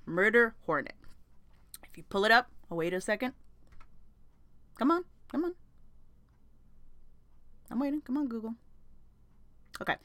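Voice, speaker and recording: A woman's voice: mid-range voice, no room sound. A young woman hosting a casual chat, ranting emotionally with lots of swearing, fillers and restarts. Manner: profane, emotional rant with many fillers and restarts.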